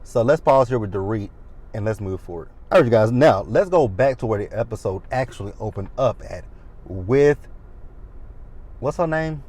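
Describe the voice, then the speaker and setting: A man in his thirties gives a chatty, sassy recap of a reality show, tossing in dramatic asides. His lowish voice is a little mellow, with lively intonation and a normal speed.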